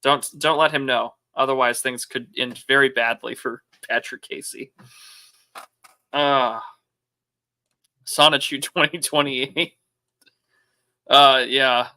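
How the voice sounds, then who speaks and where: A man's voice: mid-range voice, steady tone, slow, pauses often, bright, forceful tone. A man hosting a casual political podcast, musing aloud with rhetorical questions. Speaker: podcast host.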